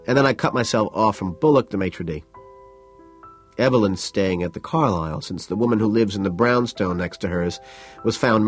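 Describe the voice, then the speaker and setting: A man reading an audiobook in first person, in a cool, detached, matter-of-fact way. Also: fairly low pitch. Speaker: audiobook narrator.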